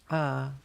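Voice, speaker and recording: A man's voice: mid-range voice, creaky, background noise. A man streaming a game, chatting casually and answering his viewers' messages in a joking way. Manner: chatty, jokey, reads and answers chat aloud. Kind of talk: casual chat with live viewers while gaming.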